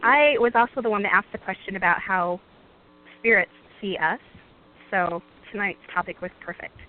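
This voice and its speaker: Gentle rambling woman caller on the phone. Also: medium pitch, normal speed, slight background noise. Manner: rambling, gentle, with frequent "um"s and soft laughs. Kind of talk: casual call-in question. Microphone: phone call. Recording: tinny phone line.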